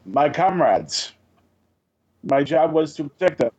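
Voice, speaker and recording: A man's voice: on the high side, very animated, darkish tone, husky, highs cut off, heavily acted. A man voicing a blunt, plainspoken male soldier in a tabletop game. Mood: earnest. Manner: plainspoken, halting.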